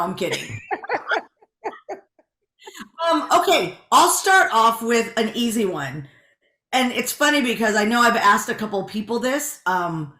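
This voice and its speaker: A woman co-host asking interview questions in a relaxed, chatty way. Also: a little high. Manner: relaxed, chatty, many fillers. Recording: echoey room.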